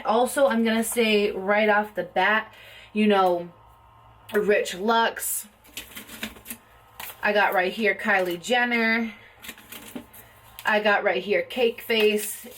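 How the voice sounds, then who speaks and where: Chatty woman rambling through a makeup tutorial. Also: mid-range voice. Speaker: beauty vlogger. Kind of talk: casual makeup tutorial chat.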